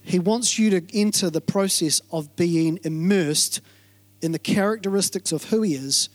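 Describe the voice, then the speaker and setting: A man preaching a sermon in an energetic way, repeating phrases and quizzing the congregation. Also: sits high. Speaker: pastor.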